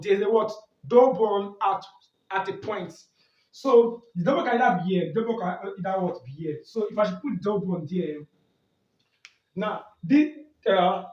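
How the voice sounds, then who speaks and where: A man teaching a chemistry lesson, asking questions and answering them himself, and often asking "do you get that?". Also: high-pitched. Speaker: chemistry tutor. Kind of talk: exam-prep lesson at a board. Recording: echoey room, mic far off, dull sound.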